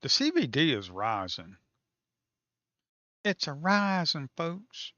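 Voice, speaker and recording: A man's voice: on the high side, big pitch swings, slow, bright, forceful tone, no echo, highs cut off. A man commenting casually on live trading, talking to viewers as folks, swearing and teasing the market. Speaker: day trader streaming live.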